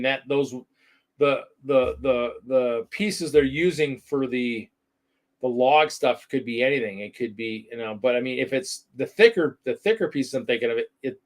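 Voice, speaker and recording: A middle-aged man hosting a weekly hobby talk show, chatting casually in a loose, rambling way and often restarting his sentences. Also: mid-range voice. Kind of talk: casual livestream chat.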